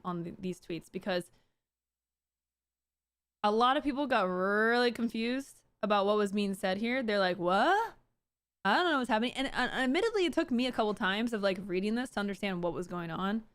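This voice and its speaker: A woman streamer reads tweets aloud during casual livestream commentary, picking them apart while chatting quickly and animatedly with her chat. Her voice is medium-pitched with a clean tone and no room sound.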